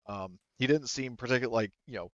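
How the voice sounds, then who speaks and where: A man's voice: mid-range voice, fast talker, a bit bright, no echo, dull audio. A man narrating a tabletop game as game master, rambling and hesitant with many fillers.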